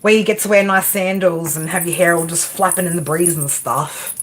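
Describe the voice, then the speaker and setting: A woman's voice: fairly low pitch, fairly even intonation, brisk. Brash, sweary woman reading tarot live. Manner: brash, sweary, chatty, calls viewers girl and baby. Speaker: tarot reader.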